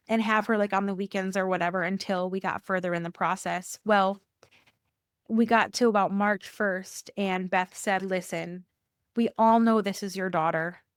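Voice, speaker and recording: Here a middle-pitched woman, a church worker, shares her personal faith story as a guest on a podcast. Lively and expressive, she performs quoted dialogue with rising pitch and vocal jumps, repeating phrases to stress them. Her recording is dry and close, without any room sound.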